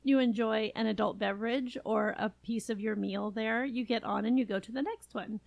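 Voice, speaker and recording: Chatty woman with a gravelly edge. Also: on the high side, steady tone, normal speed, a little mellow, no echo, muffled recording. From California. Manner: chatty, enthusiastic, laughs often. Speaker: podcast co-host. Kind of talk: casual chat.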